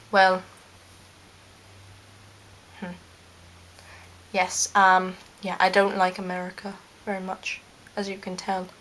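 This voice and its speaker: A woman plays a smug male scientist who rambles along in an in-character fan video. He takes his time over every line, drawls slowly and pads his thoughts with ums. His pitch sits at an ordinary middle height. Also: a bit bright.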